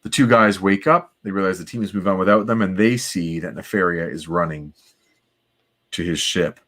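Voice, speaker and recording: A man's voice: low-pitched, normal speed, fairly bright tone. A man co-hosting a comic book podcast, casually recapping the plot and now and then voicing the characters' lines. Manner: recaps the plot, dropping briefly into playful character voices. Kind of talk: casual chat reading comics aloud.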